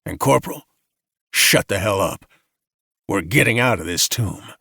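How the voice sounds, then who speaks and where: A man's voice: fairly low pitch, animated, a little slow, creaky, pushed and bright, no room sound, studio quality, exaggerated voice. A man voicing a stern male lieutenant in a sci-fi audiobook, giving clipped, commanding orders.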